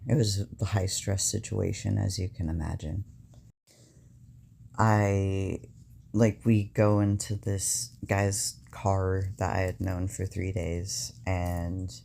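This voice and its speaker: A young man recounting a stressful personal event in a halting, casual way, with many fillers. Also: low voice, little pitch movement, vocal fry, warm tone, husky.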